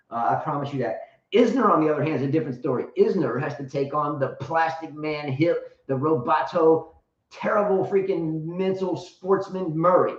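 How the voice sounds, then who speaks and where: Rambling, crude man. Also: a little high. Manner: rambling, joking, crude and blunt. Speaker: show host and tennis coach. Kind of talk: casual live chat show. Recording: roomy, distant, dull sound.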